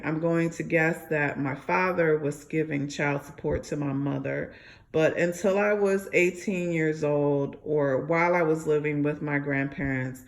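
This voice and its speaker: Gravelly woman telling a personal story. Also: sits low. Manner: rambling, many fillers and restarts. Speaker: ex-member sharing her story.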